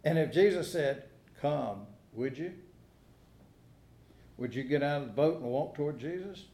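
Talking fast in a warm voice that sits on the high side, a pastor preaches with folksy tales, dry humor and questions for the congregation. The church sanctuary where he speaks is echoey.

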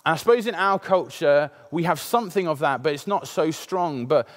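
A man's voice: on the high side, brisk. A man in his thirties preaching a sermon, opening with a personal story in a conversational way and many filler sounds.

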